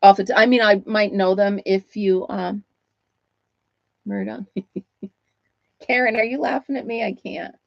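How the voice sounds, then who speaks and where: A woman's voice: mid-range voice, steady tone, measured pace, gravelly, pauses often, dry recording, lo-fi sound. A woman hosting a casual livestream from home, chatting with viewers while she crochets and laughing often. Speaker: livestream host.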